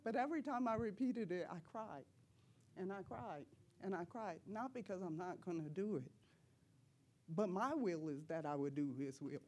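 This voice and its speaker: A woman's voice: lowish voice, animated, moderate pace, darkish tone. A woman speaking at church, giving an emphatic personal testimony sermon in a casual, slangy way and laughing often between her lines. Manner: casual, slangy preaching talk.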